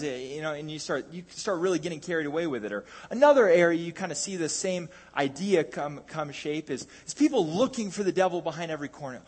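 A man's voice: fairly high pitch, animated, fast, few pauses, husky. A man preaching a sermon in a conversational way, with jokey asides and frequent restarts.

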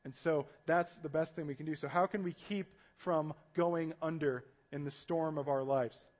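A man preaching a sermon as pastor, animated and conversational, acting out panicked voices as he tells the story. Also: a little high, normal speed.

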